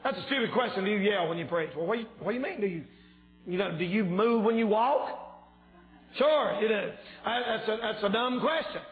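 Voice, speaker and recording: A man preaching a fervent revival sermon in a church, shouting and yelling as he preaches, his voice a little strained. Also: sits high, expressive, a little fast, roomy sound, faint music behind, poor audio. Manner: yells and shouts when preaching. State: slightly strained voice. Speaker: evangelist preacher. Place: church sanctuary.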